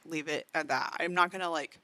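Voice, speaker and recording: A woman's voice: low-pitched, brisk, gravelly, pushed and bright, dry recording. A woman streamer chatting casually while reacting to a video, filling her talk with "like" and laughing often, sometimes talking with food in her mouth. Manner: talks while eating.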